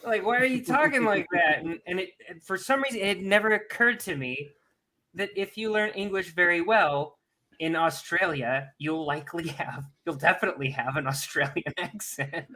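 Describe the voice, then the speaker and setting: Bright, animated man telling stories. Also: a little high, normal speed. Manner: animated, profane storytelling with acted-out quotes. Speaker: podcast co-host. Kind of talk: casual chat.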